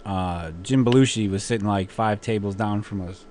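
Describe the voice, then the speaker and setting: A man's voice: on the low side, moderate pace, a little mellow, a little hiss or hum. A man hosting a college radio show in the studio, chatting casually, joking and laughing often.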